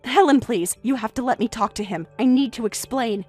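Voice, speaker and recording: A woman plays a frantic, defensive middle-aged mother, her voice shrill, insistent, and raised over faint music. She speaks a little fast, sounding a little mellow and slightly rough.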